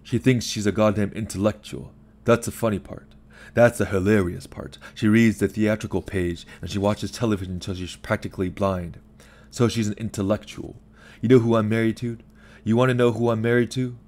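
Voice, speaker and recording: A man's voice: lowish voice, steady tone, brisk, darkish tone, natural voice. A man voicing an agitated lawyer who swears and rants in self-pity on the phone. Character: bitter drunk-sounding male lawyer, ranting.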